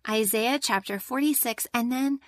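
A woman teaching a Bible lesson to children, gentle and slowing down for emphasis, often asking questions. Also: a little high, dry recording, studio quality. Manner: gentle, slow and emphatic on key points, asks the listeners questions.

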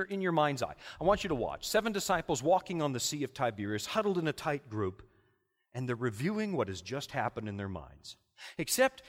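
A man's voice: medium pitch, long reverb tail. A middle-aged man preaching a sermon with dramatic, impassioned storytelling.

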